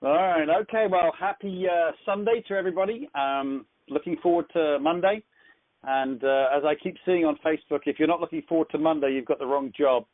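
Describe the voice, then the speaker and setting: A man's voice: on the high side, fairly even intonation, brisk. A man with an English accent hosting a conference call, chatty and rambling with frequent restarts. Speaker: host of a business conference call. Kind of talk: casual motivational talk. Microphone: phone. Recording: tinny phone line.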